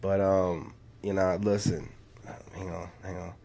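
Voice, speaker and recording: A man's voice: deep voice, flat delivery, measured pace, gravelly, dark tone. A man hosting a casual reaction video, talking in a drawling, slangy way and saying "man" a lot. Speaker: YouTube reaction host.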